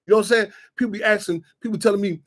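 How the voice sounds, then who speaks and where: Fast-talking high-voiced man rambling. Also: fairly even intonation, fairly bright tone. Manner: rambling, repeats "you know what I'm saying". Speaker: radio show host. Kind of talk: casual monologue.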